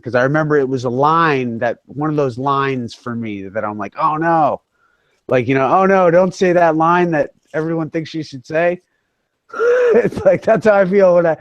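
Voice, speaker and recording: A man's voice: medium pitch, no room sound, highs cut off. A man hosting a casual open-mic chat, rambling with many fillers and slang like bro and dude. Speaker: host of an open-mic hangout.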